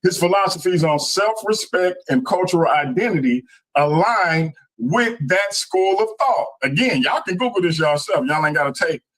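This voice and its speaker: A man's voice: high-pitched, expressive, normal speed, a bit bright, low-quality recording. A man making a laid-back debate argument over a video call, talking straight to the audience. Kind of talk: casual debate speech.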